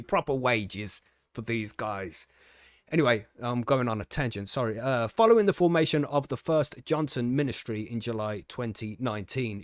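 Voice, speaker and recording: A man's voice: mid-range voice, no echo, clean studio sound. A man hosting a podcast, reading an article aloud and ranting about it with sarcastic, sweary indignation. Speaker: podcast host. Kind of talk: casual ranting commentary.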